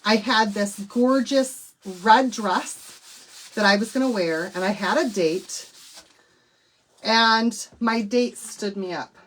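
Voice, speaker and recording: A woman's voice: mid-range voice, fairly bright tone. A middle-aged woman, hosting a crafting livestream and telling a personal story in an emotional, chatty way. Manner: emotional, chatty, addresses viewers as y'all. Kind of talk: chatty live tutorial with storytelling. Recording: faint background noise.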